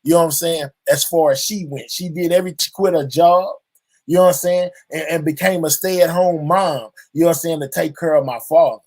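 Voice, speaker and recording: A man hosting his own channel delivers a heartfelt, reflective monologue to his viewers, drawling and packing nearly every line with "you know what I'm saying" among other constant verbal tics. His voice is on the high side, a little mellow, fairly quick, and fairly even in intonation.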